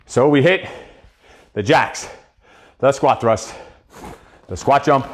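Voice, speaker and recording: A man's voice: mid-range voice, animated, measured pace, pauses often. A man coaching a live boxing cardio workout, counting reps and giving profane pep talks.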